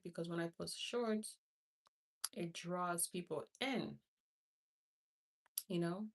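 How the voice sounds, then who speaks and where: A woman's voice: lowish voice, slow pace, pauses often, recorded from a distance. A woman from Haiti, a hospice nurse, hosting a casual live stream who rambles, repeats herself and greets viewers by name. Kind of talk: casual livestream chat.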